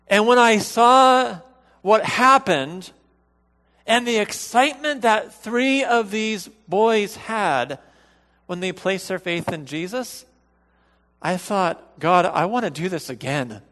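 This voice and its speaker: A man preaching a sermon to a church congregation, in an earnest, measured way with emphatic repetition. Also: high-pitched, lively intonation, a bit bright, big-room sound. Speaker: pastor. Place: church sanctuary.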